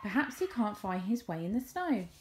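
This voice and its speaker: A woman voicing an eager little male bear cub in a storybook reading, talking in a raised, excited voice. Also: medium pitch, normal speed, natural voice.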